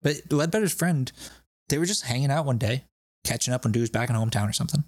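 A man talks fast with lively intonation as he hosts a podcast, spinning loose stories full of laughter and swearing. It's casual chat in a mid-range voice, recorded dry at studio quality.

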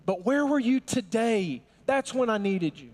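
A man voicing Martha, an exasperated, grieving woman who talks bluntly and sarcastically, in a high voice. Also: sing-song, unhurried, a little mellow, long reverb tail.

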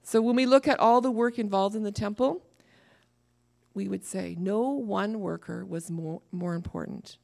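Gravelly-voiced woman preaching. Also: medium pitch, moderate pace. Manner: lively, laughs at her own asides. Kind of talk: sermon.

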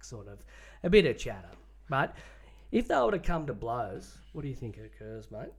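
Animated Australian man bantering about sport. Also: fairly low pitch, normal speed, hardly any pauses, husky. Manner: animated, jokey, lots of mate. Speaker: podcast co-host.

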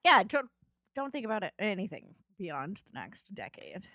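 A woman's voice: medium pitch, very animated, moderate pace, pushed and bright, dry recording, studio quality. A young woman co-hosting a casual chat, sarcastic and swearing, acting out the voices of people she quotes.

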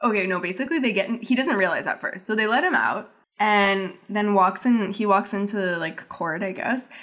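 A woman's voice: mid-range voice, expressive, moderate pace, fairly bright tone. A young woman podcast host recapping an episode in a chatty, giggly way, full of "like".

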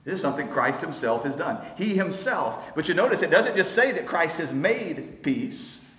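A man preaching a sermon as pastor, earnest and emphatic, slowing down to stress key phrases. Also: on the high side, a bit bright. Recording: roomy hall with long reverb.

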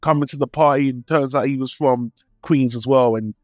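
A man's voice: mid-range voice, steady tone, moderate pace, dry recording, faint music behind. A man with a British accent, co-hosting a film podcast in a laid-back, casual chat that is peppered with swearing. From Britain. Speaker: podcast co-host.

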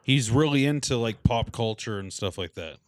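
A man in his thirties co-hosting a podcast, chatting casually with relaxed, joking banter. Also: mid-range voice, normal speed. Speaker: podcast co-host. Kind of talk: casual chat.

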